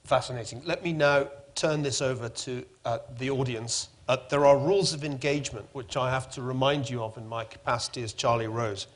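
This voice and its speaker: A middle-aged man moderating a public forum with a wry, lively manner. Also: fairly quick, hardly any pauses. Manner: wry, lively, rising pitch when emphatic.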